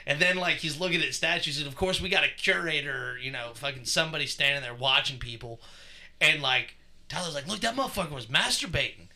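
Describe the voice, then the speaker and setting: The voice is male, a little high, fairly quick, and pushed and bright. He's co-hosting a podcast, telling a story in casual conversation while cursing freely and rambling with many fillers.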